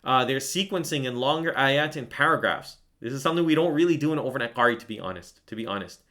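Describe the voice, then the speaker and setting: This man's medium-pitched voice is animated and sharp, and he moves at a quick clip. Teaching Quran recitation online, he's relaxed yet eager, often checking in with "right?" and slipping into melodic chants as examples.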